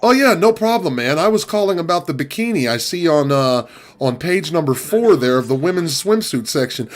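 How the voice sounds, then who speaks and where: A man's voice: on the high side, expressive, moderate pace, lightly acted. A man voicing a laid-back male customer calling an online shop. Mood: casual.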